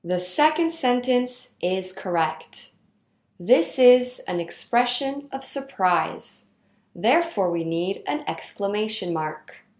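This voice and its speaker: A woman reading out a grammar lesson in a clear, instructional way. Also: mid-range voice, expressive, darkish tone, reverberant. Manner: slow, clear instructional delivery. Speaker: teacher. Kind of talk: scripted lesson narration.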